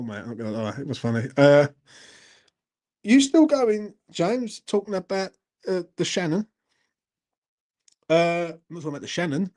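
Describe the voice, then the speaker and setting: Chatty laddish man, higher voice. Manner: chatty, laddish, repeats "do you know what I mean". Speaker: host reading live chat. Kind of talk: casual live-stream chat.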